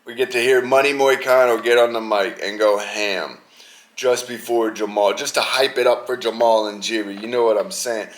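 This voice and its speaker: A young man hosting a podcast, talking casually and rambling in an animated, slangy way about an upcoming fight card. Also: medium pitch, moderate pace. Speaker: podcast host. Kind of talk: casual sports chat.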